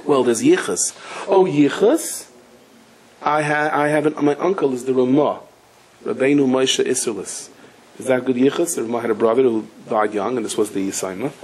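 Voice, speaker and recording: Rabbi spinning a story, acts out all the voices, mixed in. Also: male voice, medium pitch, a little fast, husky, poor audio. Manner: animated storyteller, acts out quoted voices, cries out at climaxes. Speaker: rabbi giving a Torah class. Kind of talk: storytelling lecture.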